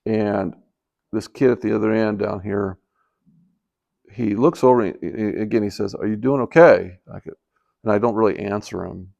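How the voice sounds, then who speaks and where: A man's voice: on the low side, fairly even intonation, moderate pace, gravelly, long pauses, mellow. An older man in retirement telling a personal story in a casual, rambling way, with many fillers and restarts. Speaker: vlogger telling life stories.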